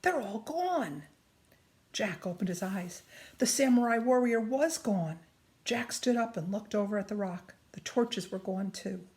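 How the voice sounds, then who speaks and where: A woman reading a children's chapter book aloud. She reads slowly and deliberately and drops to a whisper at hushed moments. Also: mid-range voice. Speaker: storybook reader.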